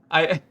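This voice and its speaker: A young man from Hungary with a Hungarian accent, a non-native English speaker, playing a game on stream, laughing often and getting worked up and loud. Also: muffled recording. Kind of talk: gaming commentary.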